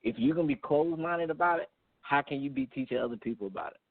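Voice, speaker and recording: A man's voice: on the high side, quick pace, husky, no room sound. A man appearing as a married guest on a podcast, talking earnestly with a preachy, faith-driven manner. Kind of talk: casual chat. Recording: dry, tinny phone-line sound.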